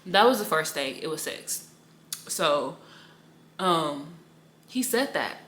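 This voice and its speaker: A woman's voice: deep voice, big pitch swings, slow, a bit bright, echoey room. Young woman rambling through a faith testimony. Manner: casual, rambling storytelling with slang and repetition. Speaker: Bible study teacher.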